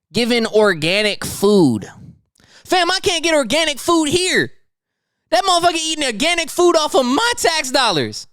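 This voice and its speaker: A man's voice: very high-pitched, a bit bright, clear, resonant tone, no room sound, clean studio sound. A young man hosting a podcast, ranting about the news in heated, slangy, profane casual talk. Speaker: podcast host. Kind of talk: casual news commentary rant.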